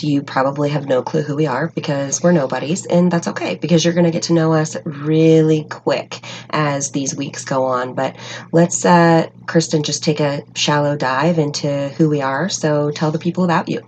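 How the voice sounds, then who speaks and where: Low-voiced woman hosting a chatty podcast. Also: steady tone, normal speed, a little mellow, slight background noise. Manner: upbeat, chatty, self-deprecating. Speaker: podcast co-host. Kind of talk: casual podcast intro. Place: small closet studio.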